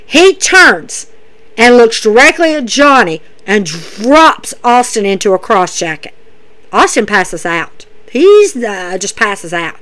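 A woman casually recapping wrestling events, animated, dropping her voice to act out what the wrestlers say. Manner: animated, acts out wrestlers' lines in a lowered voice.

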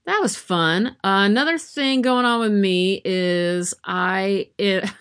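A woman's voice: mid-range voice, slow, a bit bright, clear, resonant tone. A woman chatting casually to camera from her yarn room at home, rambling and self-deprecating with lots of fillers. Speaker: vlogger.

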